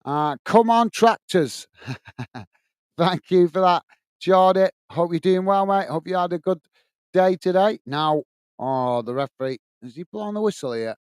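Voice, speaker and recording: High-pitched and lively in intonation, yet a little slow, this English host's voice is clear and resonant over clean studio sound without room noise. He's running a live football watchalong, commentating on play and chattily reading out viewers' messages.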